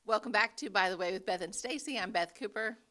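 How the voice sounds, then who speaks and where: A woman's voice: mid-range voice, fast, pushed and bright. A woman co-hosting a casual podcast chat, easygoing and full of agreeing murmurs. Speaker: podcast co-host.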